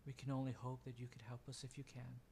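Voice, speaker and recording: A gentle elderly matriarch of a cave people, as a male game master puts her on, speaking softly and solemnly. The delivery stays flat and even, with little rise or fall. A faint background hiss sits under the voice. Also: mid-range voice, quick pace, lightly acted.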